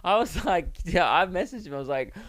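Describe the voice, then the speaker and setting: Sweary comedian riffing. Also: male voice, sits high, expressive, a little fast, a bit bright, no room sound, clean studio sound. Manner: sweary, rambling, laughs at own jokes. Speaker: comedian podcast host. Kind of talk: casual comedic monologue.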